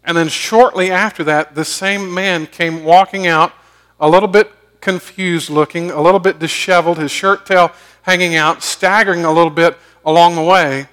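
A man preaching a sermon, telling stories and swinging from loud emphatic bursts to hushed low asides. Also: steady tone, normal speed, smooth. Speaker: pastor.

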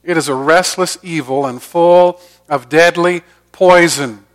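A middle-aged male pastor preaches a sermon earnestly in a slightly high, unhurried voice. He alternates between loud emphasis and soft, quiet lines.

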